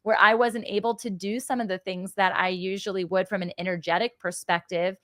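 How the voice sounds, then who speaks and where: A woman's voice: mid-range voice, steady tone, brisk, sharp tone, no room sound, studio quality. A woman speaking as a podcast guest, earnest and reflective, often laughing as she talks. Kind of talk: conversational interview.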